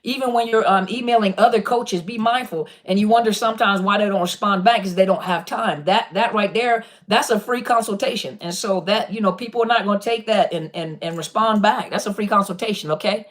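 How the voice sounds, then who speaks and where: A woman's voice: medium pitch, brisk, hardly any pauses. A woman coaching on narcissist abuse, talking casually and directly to viewers in a live-stream Q&A, with a habit of repeating "listen".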